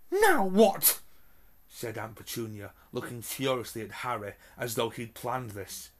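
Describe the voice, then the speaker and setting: A man reading a children's novel aloud with expressive storytelling. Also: medium pitch. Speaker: reader. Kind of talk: storybook narration.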